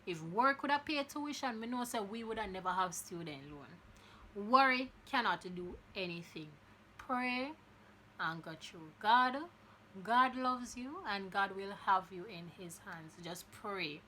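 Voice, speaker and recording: Bright-voiced young woman podcasting. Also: medium pitch, expressive, measured pace, slight background noise. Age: young adult. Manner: earnest and encouraging, preachy; storytelling with restarts. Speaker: podcast host. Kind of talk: casual podcast monologue.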